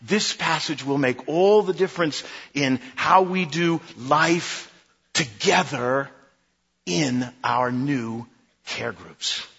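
A man's voice: fairly high pitch, slow pace, vocal fry, a bit bright, breathy edge. A middle-aged man preaching a sermon as pastor, emphatic and rhythmic, repeating key phrases in short lists. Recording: dull lo-fi recording in a reverberant hall.

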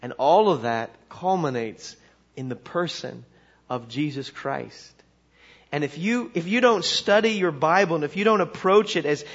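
A man's voice: on the high side, fairly bright tone. Conversational preacher man, lo-fi sound. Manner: conversational, with repeated restarts and a chuckling punchline delivery. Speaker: pastor. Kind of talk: sermon.

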